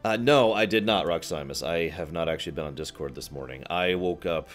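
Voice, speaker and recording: A man's voice: deep voice, brisk, soft background music. A male livestream host in casual, rambling chat who answers viewer comments and often laughs at his own remarks.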